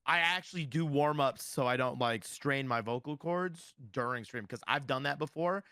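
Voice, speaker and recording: A man's voice: medium pitch, moderate pace, pushed and bright, smooth, no echo, studio quality. A man guest on a podcast, chatting casually with lots of fillers and restarts. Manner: rambling, many fillers and restarts. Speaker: streamer guest.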